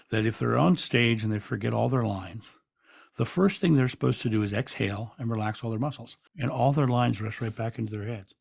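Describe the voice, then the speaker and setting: Calm male podcast guest with a gravelly voice, dry sound, reflective storyteller who restarts often. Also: mid-range voice, no echo. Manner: calm, reflective, with frequent restarts and soft laughs. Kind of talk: relaxed storytelling in an interview.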